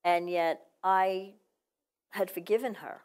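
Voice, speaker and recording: A woman's voice: mid-range voice, steady tone, takes it slowly, smooth. A woman author telling her personal story in an earnest, reflective way during an interview. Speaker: author guest. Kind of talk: casual interview.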